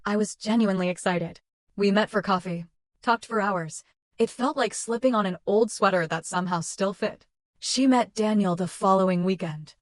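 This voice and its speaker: A young adult woman narrating a first-person story in a measured, clipped, dramatic way. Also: medium pitch, dry recording.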